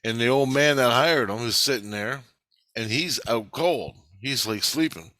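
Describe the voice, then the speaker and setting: A man's voice: medium pitch, measured pace, sharp tone, no echo. A man telling a long, rambling story in casual, blunt talk full of swearing. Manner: blunt, profane, loose. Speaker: vlogger recounting a dream.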